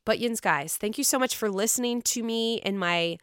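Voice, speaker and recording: A woman with a Pittsburgh accent gushes and swears her way through a casual podcast chat. She is sick, so her voice sits lower than normal, yet it stays bright and smooth. The recording is close and dry. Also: normal speed, dry recording. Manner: excitable, profane, chatty. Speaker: podcast host.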